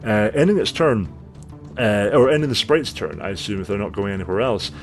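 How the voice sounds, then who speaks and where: A man running a tabletop game as game master, narrating the action in a vivid, relaxed way with many fillers. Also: lowish voice, brisk, faint music behind.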